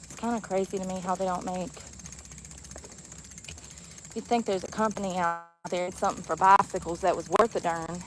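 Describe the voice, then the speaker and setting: A woman's voice: fairly low pitch, steady tone, moderate pace, pauses often, a little hiss or hum, poor audio. Chatty woman vlogging outdoors in a park. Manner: chatty, laughs often, says y'all. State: out of breath while walking uphill. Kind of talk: casual vlog chat. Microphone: phone held while walking.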